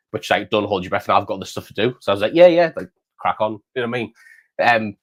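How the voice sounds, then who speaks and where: Rambling man, low voice. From England. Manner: rambling, repeats words, says "mate" often. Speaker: channel host. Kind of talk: casual storytelling chat.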